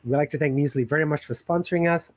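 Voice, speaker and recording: A man's voice: on the high side, fast talker, no room sound. A man hosting a podcast in casual chat, rambling with enthusiasm and plenty of fillers. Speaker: podcast host.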